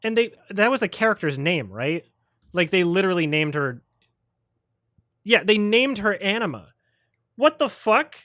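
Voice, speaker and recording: A man's voice: high voice, lively intonation, normal speed, pauses often, bright, forceful tone, no echo, studio quality. A man hosting a livestream, ranting about films in a sarcastic, profane way and mocking people with put-on quotes. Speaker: host. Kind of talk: livestream film review chat.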